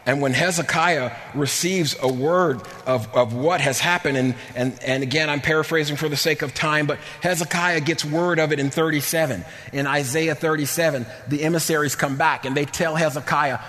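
Fervent preacher, man with a high voice. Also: normal speed, big-room sound. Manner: animated, repeats words, rises to near-shouts. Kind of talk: sermon.

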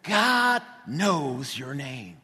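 A middle-aged man from New Jersey preaching a sermon, telling stories with lively, casual asides. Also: on the high side, extremely slow, breathy edge, in a large hall. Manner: animated storytelling with casual asides.

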